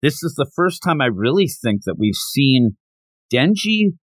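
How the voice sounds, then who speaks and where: Animated man recapping a manga chapter. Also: mid-range voice, slightly rough, no room sound. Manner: animated, acts out characters' lines in quick bursts. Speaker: podcast host. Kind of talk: casual manga discussion.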